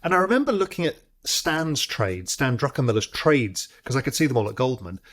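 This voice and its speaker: A middle-aged man from the United Kingdom, a former trader telling stories as an interview guest. He talks in quick bursts and then slows down to stretch out the important points. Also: medium pitch. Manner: animated storyteller, quick bursts and stretched-out emphasis. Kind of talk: storytelling in a long-form interview.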